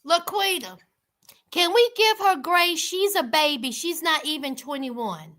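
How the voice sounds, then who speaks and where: A woman giving sassy, animated commentary on a reality show, talking straight to her viewers. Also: high-pitched, a little slow. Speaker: reality TV recap host. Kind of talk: casual recap commentary to viewers.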